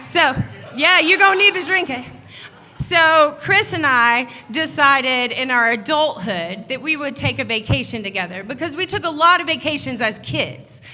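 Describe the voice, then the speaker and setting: A woman giving a funny wedding toast as the groom's sister, animated and laughing as she acts out the voices in her story. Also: high-pitched, moderate pace. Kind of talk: humorous storytelling speech. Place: wedding reception.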